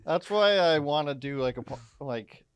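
Deadpan teasing man. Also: on the high side, smooth, dry recording. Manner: teasing, deadpan, quick laughs. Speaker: podcast host. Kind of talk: casual podcast chat.

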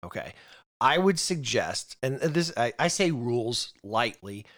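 A man's voice: mid-range voice, animated, a little slow, a bit bright. A man co-hosting a casual podcast chat about role-playing games, often restarting and repeating words as he thinks aloud. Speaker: podcast co-host.

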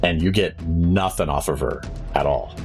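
A man runs a tabletop game, narrating scenes and calling rolls casually. His voice is very low, and soft music plays in the background. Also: moderate pace. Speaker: game master.

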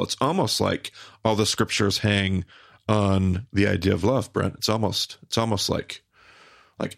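A man's voice: on the low side, vocal fry, a bit bright, dry recording, clean studio sound. A man hosting a podcast, teaching scripture in an emphatic, conversational way, often restarting his sentences as he thinks aloud. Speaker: podcast host and Bible teacher.

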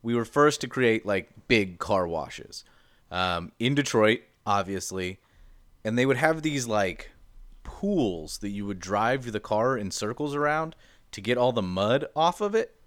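A man's voice: on the low side, lively intonation, a little slow, fairly bright tone, dry recording. A young man in casual chat as podcast cohost, explaining with lots of fillers and restarts. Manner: rambling explainer, many fillers.

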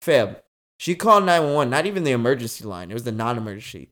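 A young man hosting a podcast, telling a story in casual chat, slangy and animated, swearing freely. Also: medium pitch, fast talker. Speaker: podcast host.

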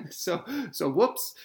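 A man explaining a poem in a playful, animated way in conversation, then reading verse slowly. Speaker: literature scholar. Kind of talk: conversational discussion and poetry reading.

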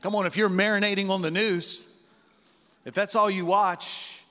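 A man's voice: high voice, level tone, moderate pace, sharp tone. A man preaching a sermon as pastor, telling folksy stories and calling out to the congregation. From West Virginia roots, United States. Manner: folksy storytelling with call-outs to the congregation. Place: church hall. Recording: long reverb of a large hall.

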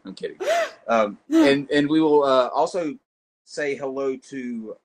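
A man's voice: medium pitch, lively intonation, slow, low-quality recording. Guy hosting a loose chat show, jokey, rambling, ums everywhere. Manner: joking, rambling with fillers. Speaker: host. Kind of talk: casual livestream chat.

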